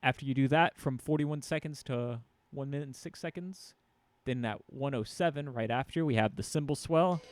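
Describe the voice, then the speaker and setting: In a room with a drum kit, a drum teacher talks through a casual lesson at a normal speed in a medium-pitched voice. He counts beats aloud and explains the hits, playing drums between talk. The recording has no room sound.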